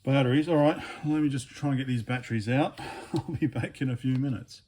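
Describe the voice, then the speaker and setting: A man giving a casual hands-on teardown commentary, thinking aloud in a hesitant, low-key way with many fillers and restarts while he works. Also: brisk, mellow, a little hiss or hum. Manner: low-key, mutters asides while working with his hands. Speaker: electronics hobbyist vlogger.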